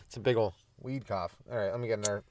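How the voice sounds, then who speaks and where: A man's voice: on the low side, steady tone, fast, a little mellow, slight background noise. A young man hosting a comedy podcast, riffing loosely through a profane, self-mocking monologue. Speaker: stand-up comedian, podcast host.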